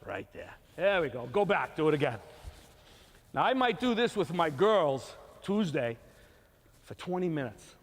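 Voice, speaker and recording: A man's voice: fairly high pitch, very animated, measured pace. An older man coaching young kids through a throwing drill, giving short, encouraging repeated commands. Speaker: youth baseball coach. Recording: long reverb from a hall.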